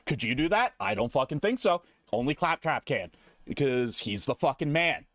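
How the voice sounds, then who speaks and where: Male streamer, animated and swearing, mock-serious delivery, dry close mic. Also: mid-range voice, moderate pace, no room sound. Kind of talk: comedic slideshow rant.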